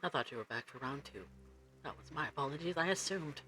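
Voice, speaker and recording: Gm guy doing a stiff proper lady elder, bright tone, measured and formal. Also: a little high, lively intonation, faint music behind. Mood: composed. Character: composed female vampire clan elder, formal. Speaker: game master.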